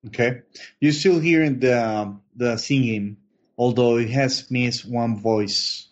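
A man narrates a tabletop horror session as game master, slow and halting, often stopping on fillers as he feels for the next words. His voice sits at an ordinary male pitch and comes through a dull, lo-fi voice chat line.

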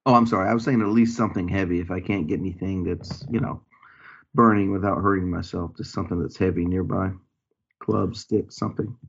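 A man's voice: sits low, fairly even intonation, fairly quick, gravelly, slightly rough, lo-fi sound. A man playing a tabletop game, talking in a chatty, loose way with fillers. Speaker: player. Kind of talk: casual tabletop game talk. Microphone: online voice call.

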